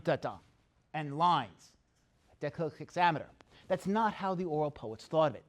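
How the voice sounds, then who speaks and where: Male lecturer, higher-pitched, lively, explains step by step and checks in with the room. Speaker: classics lecturer. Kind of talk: university lecture.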